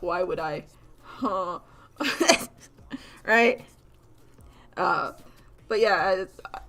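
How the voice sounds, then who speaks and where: A woman with a fairly high voice chats casually while drawing on a live stream. She's an animated, rambling artist streamer who laughs often and fills her talk with "like."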